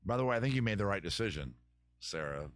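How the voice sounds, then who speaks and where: A man's voice: on the low side, animated, quick pace, no echo, clean studio sound. A man hosting a live advice stream, chatting casually and joking as he thinks aloud with many restarts.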